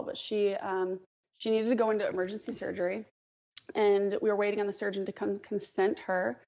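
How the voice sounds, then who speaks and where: A woman who is an emergency nurse, a guest in a casual interview, telling an animated story and acting out the dialogue. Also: medium pitch, muffled recording.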